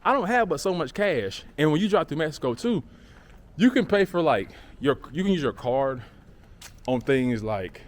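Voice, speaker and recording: A man's voice: a little high, normal speed. A young man telling a story in a casual, slangy way, acting out the other people's voices. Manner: animated, acts out voices in quotes, slangy with frequent fillers. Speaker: vlogger.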